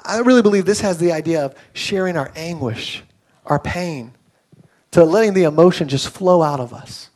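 A man's voice: a little high, darkish tone. A young adult man preaching a sermon in a conversational way, telling stories with acted quotes. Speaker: pastor.

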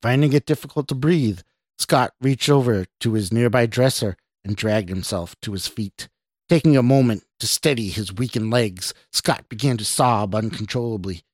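Male host-narrator for a horror podcast, steady mid-range read, dry sound. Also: mid-range voice, normal speed, no echo.

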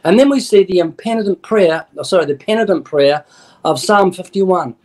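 A man speaks as an evangelist in a radio interview. His voice sits a little high, and he explains with earnest, emphatic conviction. He quotes scripture and slips into short acted-out dialogues as he makes his points. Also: animated, moderate pace, a little mellow. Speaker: evangelist guest.

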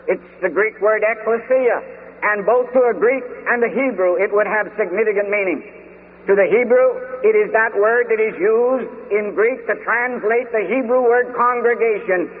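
A man preaching a sermon with deliberate, emphatic delivery and slowed stresses. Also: high-pitched, a little hiss or hum. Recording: tinny phone-like archive recording in a long-reverb hall.

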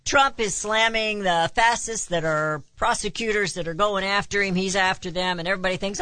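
A woman's voice: mid-range voice, brisk, hardly any pauses, pushed and bright, no echo. Impassioned woman talk radio host. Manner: impassioned, piles up rhetorical questions. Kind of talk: opinion talk radio monologue.

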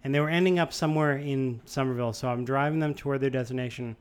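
Smooth-voiced man telling a story. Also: medium pitch, fast talker. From Boston area, USA. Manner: rambling, animated storytelling with many restarts. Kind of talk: casual chat.

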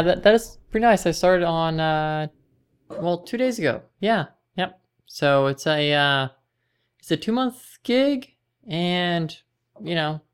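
A woman's voice: on the low side, clear, resonant tone. A woman in her thirties being interviewed in casual chat, talking hesitantly with many fillers and restarts. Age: 30s.

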